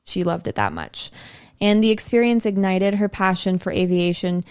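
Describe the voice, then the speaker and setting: A woman's voice: medium pitch, moderate pace, darkish tone, clear, resonant tone. A woman hosting a podcast, telling a history story in a casual, chatty way with side remarks.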